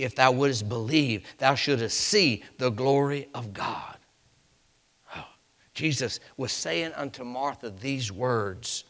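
A man preaching a sermon, reading scripture in old King James wording and swinging from hushed whispers to shouted climaxes. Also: mid-range voice.

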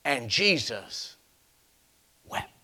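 A man preaching a sermon, reading scripture in old King James wording and swinging from hushed whispers to shouted climaxes. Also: medium pitch, sing-song, extremely slow, vocal fry.

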